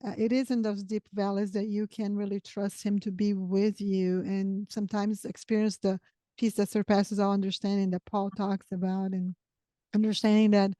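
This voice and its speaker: A woman's voice: mid-range voice, flat delivery, moderate pace, warm tone, no room sound. Woman hosting a faith chat, thoughtful, stops and restarts, dead dry sound. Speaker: podcast host. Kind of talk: faith conversation.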